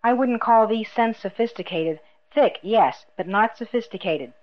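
A woman reading a composed young princess who speaks in a calm, matter-of-fact way. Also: a little high, normal speed, muffled recording, lightly acted.

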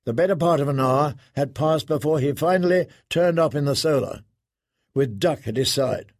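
A man reads fantasy narration in a measured, unhurried way. His voice is husky and gravelly, pitched slightly above average. The recording is dry and close. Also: dry recording. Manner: measured, even storytelling. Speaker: audiobook narrator.

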